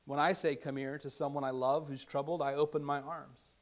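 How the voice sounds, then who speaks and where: Man preaching, soft to loud swings. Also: fairly high pitch, flat delivery, a little fast. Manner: dynamic, drops to hushed softness for quoted invitations and rises loud when emphatic. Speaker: pastor. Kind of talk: sermon.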